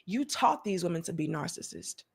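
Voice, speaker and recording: A woman in her thirties hosts a live commentary stream, bluntly and emphatically telling personal stories to her chat while swearing freely. Her voice is fairly low, gravelly and husky, with lively intonation at a moderate pace.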